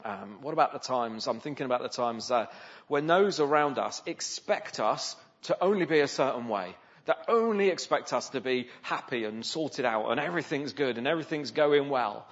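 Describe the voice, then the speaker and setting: Speaking at a normal pace with an animated, medium-pitched voice, a male preacher talks through his sermon casually and keeps asking the audience rhetorical questions. The recording sounds slightly dull and lo-fi.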